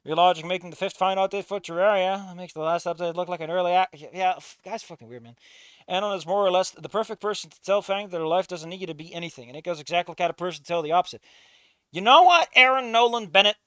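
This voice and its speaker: A streamer reading a visual novel aloud in casual commentary, swearing often and swinging from low muttering to loud outbursts. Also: rapid-fire, no room sound. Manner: swears a lot, rants and self-mocks.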